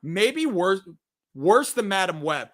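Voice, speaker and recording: A man's voice: high-pitched, sing-song, takes it slowly, fairly bright tone. A man hosting a casual movie review show, talking animatedly, swearing freely and acting out quotes.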